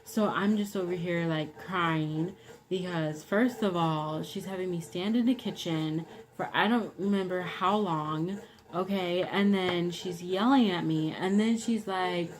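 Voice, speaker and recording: A woman's voice: lowish voice, unhurried, low-quality recording. Young woman rambling through a personal story. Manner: rambling, full of "like" and "you know". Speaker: vlogger.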